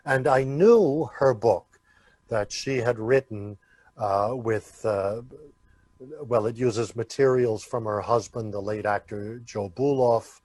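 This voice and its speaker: Unhurried American man telling stories. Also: mid-range voice, a little mellow, dry recording. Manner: unhurried, full of "uh" pauses. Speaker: guest, Yiddish actor. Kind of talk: relaxed storytelling in an interview.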